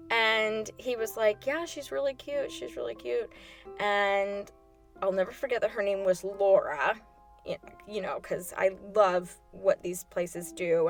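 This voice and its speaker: A woman tells a personal story as a podcast host, talking casually with many fillers and acted-out quotes. Her voice sits at a middle pitch. Faint music plays quietly underneath.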